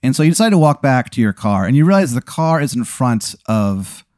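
A man's voice: medium pitch, big pitch swings, brisk, a little mellow, no room sound, studio quality. A man hosting and running an improvised story game, talking in a laid-back, rambling way with lots of "like" and casual swearing. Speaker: host and game master. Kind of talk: improvised tabletop-style storytelling.

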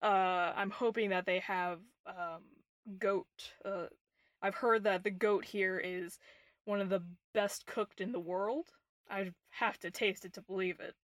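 A woman voicing a huge, strong female orc who speaks plainly and slowly. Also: mid-range voice, steady tone, no echo, clean studio sound, close to an everyday voice. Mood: calm polite.

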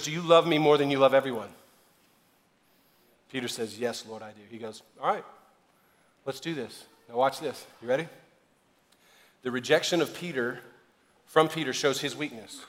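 Guy preaching a sermon, lively and jokey, gets loud and emphatic, church echo behind him. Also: fairly high pitch, moderate pace, long pauses. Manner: animated preaching, jokes and acted-out dialogue, builds to loud emphatic climax. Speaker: pastor.

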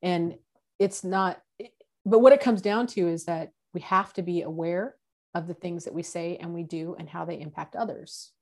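A woman's voice: on the low side, steady tone, moderate pace, darkish tone. Earnest woman explaining in conversation. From San Diego, United States. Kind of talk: casual conversation.

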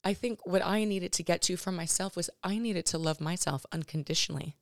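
A woman in her thirties hosting her own podcast, talking personally and emotionally in a halting way with many restarts and fillers. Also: fairly low pitch, vocal fry, no room sound, clean studio sound. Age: 30s. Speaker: podcast host.

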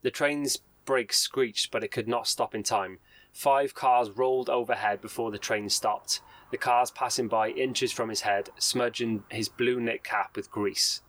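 A man in a relaxed podcast chat, retelling a dramatic news story in a mid-pitched voice. He reads out quotes and stumbles now and then over names and restarts. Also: a little slow, poor audio. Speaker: podcast co-host.

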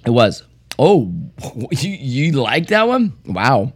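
A man co-hosting a casual drinking chat, rambling and halting, laughing often. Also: medium pitch, big pitch swings, husky. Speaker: co-host.

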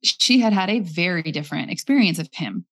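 A young woman casually telling a personal story, animated and acting out the voices of the people in it. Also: on the low side, a little fast. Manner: animated, acts out quoted voices. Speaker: guest telling her story.

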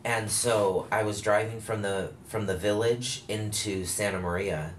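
A man with a very deep, low voice talks through a personal story in loose, candid conversation, circling back and correcting himself as he goes. A faint hiss sits under the recording. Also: fairly even intonation, a little slow. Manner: rambling, self-correcting storytelling with frequent fillers. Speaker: guest telling his story.

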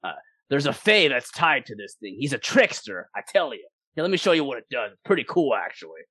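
A man's voice: mid-range voice, big pitch swings, brisk, sharp tone, slightly rough, dry recording, heavily acted. A man voicing an easygoing male orc sailor who rambles in an offhand way.

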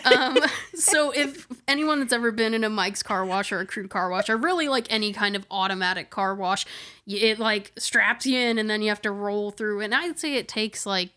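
A woman's voice: mid-range voice, normal speed, sharp tone. A young woman telling a story in casual chat on a podcast, giggling and laughing her way through it. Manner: giggly, often breaking into laughter mid-sentence.

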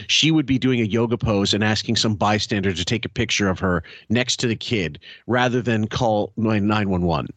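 A man with a lowish voice riffs sarcastically as a podcast co-host and laughs often at what he is reacting to. The sound is dry and close to the mic. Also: moderate pace, hardly any pauses, no echo. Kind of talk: casual commentary chat.

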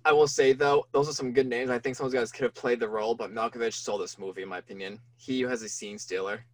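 A man's voice: mid-range voice, fairly even intonation, fast talker, no echo. Easygoing man co-hosting a podcast, dry sound. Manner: friendly, easygoing, laughs often. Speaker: podcast co-host. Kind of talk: casual chat about a film.

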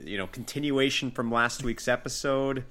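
A man co-hosting a casual podcast and telling stories in a relaxed, easygoing way. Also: medium pitch, moderate pace. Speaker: podcast co-host.

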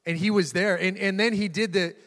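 A man's voice: high voice, fairly even intonation, fairly quick, fairly bright tone. Chatty male pastor in a reverberant hall. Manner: conversational, jokey, repeats words. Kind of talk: sermon. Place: church hall with live audience.

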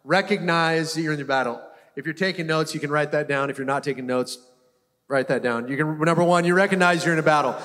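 Male pastor, high voice, casual repetitive preaching, church hall echo. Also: fast, fairly bright tone. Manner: repetitive, conversational preaching with frequent restarts. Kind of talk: sermon. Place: church hall before a congregation. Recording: long hall reverb.

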